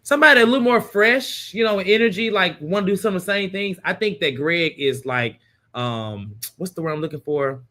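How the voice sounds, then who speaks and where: Male co-host, fairly high-pitched, chatty and loose, casual recap talk. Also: animated, bright, forceful tone. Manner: chatty, laughing, drawn-out asides. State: yawning. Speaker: podcast co-host.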